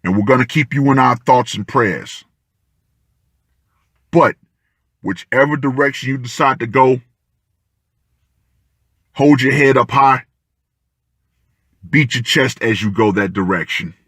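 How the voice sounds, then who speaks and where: A man giving ranting commentary with emphatic, deliberate, punchy declarations. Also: medium pitch, fairly bright tone, breathy edge, no room sound, studio quality. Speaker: online commentator.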